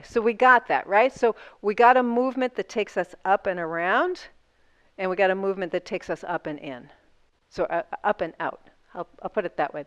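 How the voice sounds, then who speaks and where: A woman's voice: medium pitch, no room sound, muffled recording. A woman instructor guiding a seated yoga class, talking through each movement step by step in an encouraging way.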